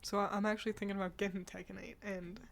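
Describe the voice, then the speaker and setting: A woman at a mid pitch chatting on a stream, rambling and candid, cursing freely. She sounds a little stuffy-nosed and tired, breaking off into sighs and laughs. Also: flat delivery, fast, vocal fry. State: stuffy nose, yawning. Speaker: streamer reacting to game awards. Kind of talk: casual live-stream chat.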